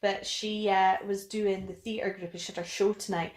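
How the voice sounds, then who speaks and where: A woman's voice: mid-range voice, little pitch movement, normal speed. Scottish woman podcast co-host, chatty and sweary, roomy sound. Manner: chatty, sweary, laughing often. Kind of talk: casual chat.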